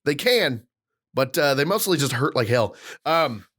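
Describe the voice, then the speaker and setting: A man's voice: on the high side, measured pace. A man in his thirties co-hosting a podcast, telling a long story with lots of acted-out quotes. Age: 30s. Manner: animated storyteller, acts out quotes. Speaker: podcast co-host. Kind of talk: casual podcast rant.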